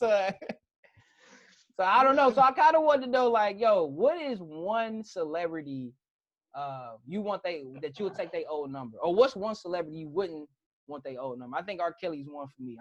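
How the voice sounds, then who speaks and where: Animated, slangy podcast storyteller. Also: mid-range voice. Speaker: podcast co-host. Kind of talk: casual chat.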